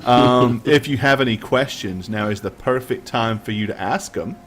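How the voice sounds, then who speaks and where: A young man running a tabletop game as game master, narrating in vivid, drawn-out descriptions with frequent ums. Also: medium pitch.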